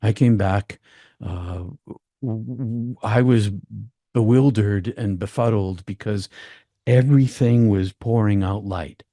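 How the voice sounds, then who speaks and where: A man telling a personal story as a podcast guest, halting and repeating words as he goes. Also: fairly low pitch, mellow, dry recording, clean studio sound.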